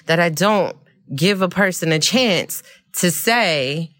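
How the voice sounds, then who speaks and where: A woman hosting a podcast, telling a personal story in a candid, expressive way and often laughing. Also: fairly low pitch, slow, dry recording. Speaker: podcast host.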